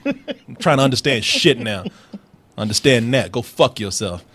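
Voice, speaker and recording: A man hosting a comedic commentary show, loud and profane, laughing often. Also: fairly high pitch, lively intonation, normal speed, breathy edge. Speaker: show host.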